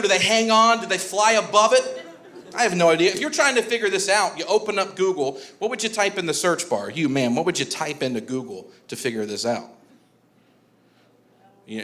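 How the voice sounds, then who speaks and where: A man's voice: on the high side, a bit bright. A man in his twenties performing a stand-up comedy set, chatty and laughing through his jokes while he works the crowd. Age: 20s. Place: comedy club stage.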